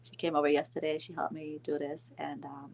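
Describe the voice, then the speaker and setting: A woman in her thirties casually telling a vacation story to her viewers, chatting along with their comments and filling pauses with "um". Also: low voice, flat delivery, gravelly, a little mellow. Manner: chatty, answers viewer comments, frequent ums and laughs. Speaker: vlog host telling a story to live viewers.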